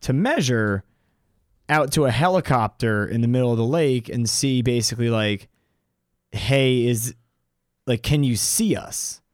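A man co-hosting a podcast in casual chat, animated and mocking as he quotes people in a raised voice. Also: mid-range voice, measured pace, dry recording, clean studio sound. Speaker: podcast co-host.

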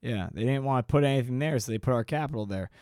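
A man's voice: medium pitch, fast, a little mellow, smooth, no room sound, studio quality. A man co-hosting a podcast, chatting casually with sarcastic jokes and frequent swearing. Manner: sarcastic, swears freely, slips into mock voices. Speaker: podcast co-host.

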